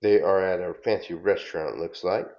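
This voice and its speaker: Low-voiced man reading comics aloud. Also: normal speed. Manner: relaxed, narrating panel by panel. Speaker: comic book reader. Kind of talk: casual comic read-aloud. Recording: dull lo-fi recording.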